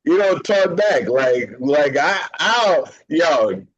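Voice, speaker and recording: A man's voice: fairly high pitch, very animated, slow pace. A man co-hosting a podcast in casual chat, stammering and laughing, using street slang. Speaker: podcast co-host. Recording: dull lo-fi sound.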